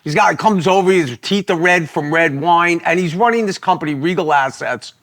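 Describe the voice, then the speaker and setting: A man co-hosting a podcast, rambling through animated, profane anecdotes in casual chat. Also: on the high side, normal speed. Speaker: podcast co-host.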